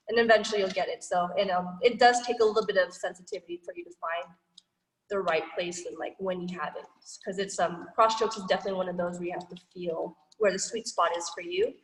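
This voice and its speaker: A woman's voice: lowish voice, fairly even intonation, fast talker. A woman teaching a martial arts class over a video call, chatty and loose, full of fillers, acting out what people say. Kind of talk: online class instruction. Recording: roomy, echoey, far from the mic.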